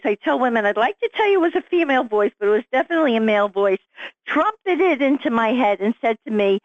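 A woman's voice: on the high side, no echo. Woman, middle-aged, vivid storyteller, dry close sound, muffled lo-fi. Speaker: author guest. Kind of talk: storytelling interview.

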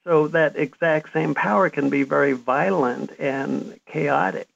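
A man's voice: a little high, steady tone, a little slow, vocal fry, a bit bright. A man in his fifties, an interview guest and author, telling his story in an earnest, reflective way. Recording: dull lo-fi sound.

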